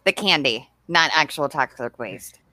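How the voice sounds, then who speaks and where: This woman hosts a casual chat in a lowish voice, chatty and upbeat and quick to laugh. Her voice sounds dry and close to the mic. She talks easily to both her viewers and her friends. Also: lively intonation, bright, forceful tone, no echo.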